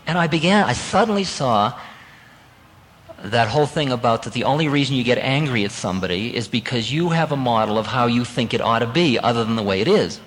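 A man giving a spiritual talk, telling a personal story in a lively, conversational way and laughing at himself now and then. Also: medium pitch, brisk, long reverb tail, poor audio. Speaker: spiritual teacher.

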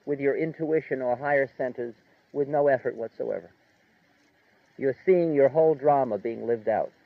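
A man giving an informal spiritual lecture in a relaxed, conversational way, chuckling and filling his talk with "like" and "you know.". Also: mid-range voice, no echo. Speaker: spiritual teacher. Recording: tinny narrow-band dry recording.

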